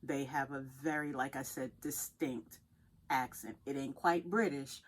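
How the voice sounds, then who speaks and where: A woman's voice: rumbling low, steady tone, measured pace, a little hiss or hum. A woman co-hosting a podcast, talking things through thoughtfully in casual chat. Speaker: podcast co-host.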